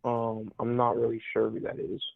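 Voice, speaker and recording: Hesitant teenage caller on a tinny phone line. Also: male voice, medium pitch, completely flat delivery, gravelly, a little hiss or hum. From Mississippi. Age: teens. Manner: hesitant, halting.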